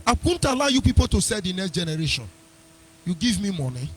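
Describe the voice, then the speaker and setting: A man's voice: high-pitched, big pitch swings, quick pace, husky. A man hosting a live internet radio talk show, combative and mocking, breaking into sing-song asides. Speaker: radio host.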